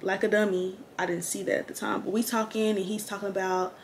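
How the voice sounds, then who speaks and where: A woman's voice: medium pitch, little pitch movement, fast. Young woman, vlogger, get-ready-with-me storytime, slangy chatty delivery, faint background noise.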